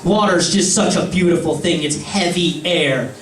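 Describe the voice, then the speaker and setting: Young male stand-up comic, animated storyteller, echoey room, distant mic. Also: sits high, moderate pace, very noisy. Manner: animated storytelling, switching voices and yelling in bits. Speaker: stand-up comedian. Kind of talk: stand-up comedy set. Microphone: stage mic.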